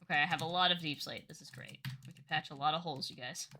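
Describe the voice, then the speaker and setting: Bright-voiced woman chatting while gaming. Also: deep voice, fast, slight background noise. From New Jersey. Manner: chatty, rambling with many restarts and laughs. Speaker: streamer host. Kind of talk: casual chat while gaming.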